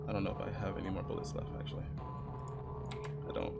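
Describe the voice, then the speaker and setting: A man hosting a gaming channel, commenting to himself as he plays a horror game, muttering at times and breaking into loud excited cheers and laughter. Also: deep voice, fast talker, creaky, highs cut off. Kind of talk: live commentary while playing a horror game. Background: faint game music.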